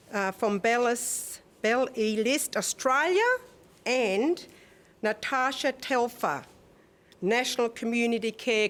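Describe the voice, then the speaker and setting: A woman presenting an award, heartfelt and blessing the audience, stumbling over the winners' names. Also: a little high.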